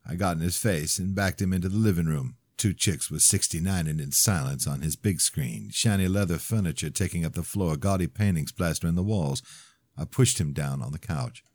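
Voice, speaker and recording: A man reading a first-person audiobook with an expressive, plainspoken delivery on a close mic. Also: low-pitched, a little fast, dry recording. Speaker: audiobook narrator.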